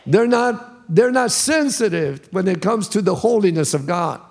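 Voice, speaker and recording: A man's voice: sits high, animated, a little slow, gravelly. A man preaching as a pastor, in an emphatic style with a lot of repetition. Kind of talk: sermon.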